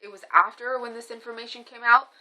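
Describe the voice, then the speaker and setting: A woman speaks in a casual, rambling monologue as a spiritual reader with her own channel. Her voice is bright and sharp, with an animated delivery. She circles back often and fills gaps with small fillers. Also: fairly high pitch, quick pace, low-quality recording.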